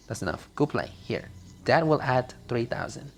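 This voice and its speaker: A man voicing an abusive husband and father in a game, snapping and shouting. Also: mid-range voice, lively intonation, normal speed, vocal fry, a little hiss or hum. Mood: stern. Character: angry abusive middle-aged father and husband.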